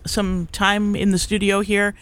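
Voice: mid-range voice, flat delivery, measured pace, fairly bright tone, no echo. A middle-aged college radio DJ chatting casually on air between songs, rambling with plenty of fillers and restarts. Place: radio studio.

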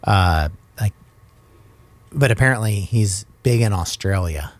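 A man with a low, husky, gravelly voice trades wry, self-deprecating banter in a casual podcast chat. His pitch rises and falls with lively swings. The sound is dry and close. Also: unhurried, no room sound. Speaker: podcast co-host.

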